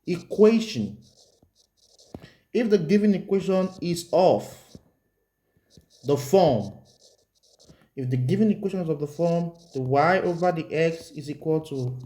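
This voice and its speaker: Man teaching maths, mellow voice. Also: mid-range voice. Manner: repetitive, asks the viewer rhetorical check questions; writes on the board while explaining. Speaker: maths tutor. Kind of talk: whiteboard maths lesson.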